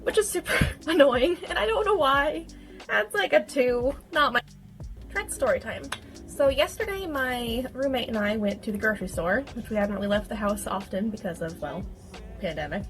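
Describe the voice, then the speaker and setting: Bubbly young female vlogger, higher voice, very animated, soft music underneath. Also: moderate pace. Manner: bubbly, chatty, with sudden loud shouted outbursts. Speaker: social media creator. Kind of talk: casual vlog talk.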